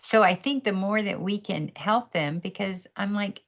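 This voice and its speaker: A woman's voice: mid-range voice, moderate pace, hardly any pauses. A woman guest on a podcast, telling her story candidly with faith, laughing often and acting out other people's voices, heard over a video call.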